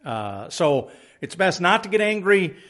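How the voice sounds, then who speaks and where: A man's voice: sits high, big pitch swings, measured pace, fairly bright tone. A man giving an unscripted verse-by-verse Bible lesson, reading scripture aloud and explaining it with frequent restarts and "uh". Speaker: Bible teacher.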